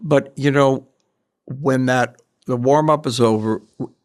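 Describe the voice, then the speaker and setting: An older man talks in a halting, reflective way, stopping and restarting as he recalls years of producing a show. His voice sits in an ordinary middle register. The tone is conversational and unhurried. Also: mid-range voice. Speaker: guest, longtime show producer. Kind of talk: casual conversation.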